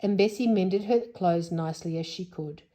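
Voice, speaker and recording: A woman with a fairly low, dark-toned voice reads a children's storybook aloud at a normal speed. Now and then she stops to whisper explanations to a young listener.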